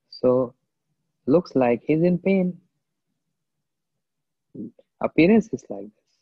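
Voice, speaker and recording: A male spiritual teacher, husky and mid-pitched, lectures on devotional themes in an animated yet slow, reflective way. He pauses often and quotes Indian-language verses, and the audio is tinny, phone-like, dry and close, with no room sound.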